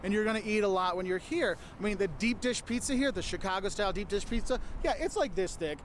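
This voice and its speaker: A man's voice: high voice, fast talker, a little hiss or hum. A man talking casually to camera as a travel vlogger, giving chatty, explanatory advice about a city with a light humorous touch.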